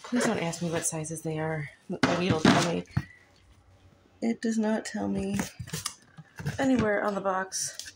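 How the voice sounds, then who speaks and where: A woman's voice: mid-range voice, steady tone, unhurried, long pauses, heavy background noise. A woman chatting casually in her home kitchen, rambling as she shows off storage bins to a phone camera. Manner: chatty, rambling, says um and thingamajiggers. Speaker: home vlogger.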